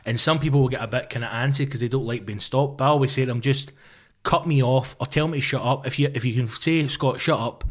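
A man in his thirties with a Glaswegian accent, a comedian swearing his way through an animated anecdote in casual podcast chat. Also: mid-range voice, quick pace, few pauses. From Scotland. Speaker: stand-up comedian guest.

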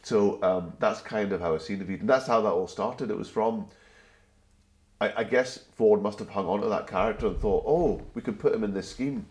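Deep-voiced man with a soft Glasgow accent. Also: brisk. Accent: gentle Glasgow, slightly anglicised. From Glasgow, Scotland. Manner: chatty anecdotal storyteller. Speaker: guest. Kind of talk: casual interview chat.

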